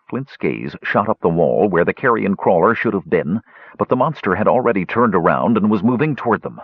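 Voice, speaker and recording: A man reading a fantasy adventure aloud in steady, measured scripted narration. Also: fairly low pitch, husky, no echo. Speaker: audiobook narrator. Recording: dull, dry lo-fi recording.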